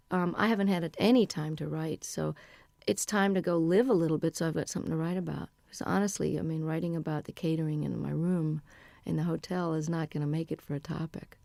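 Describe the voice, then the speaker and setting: A woman's voice: sits low, steady tone, a little fast, vocal fry, warm tone, no room sound. A woman in her forties, a musician guest talking candidly and chattily in a radio interview. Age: 40s. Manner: chatty, candid and self-deprecating.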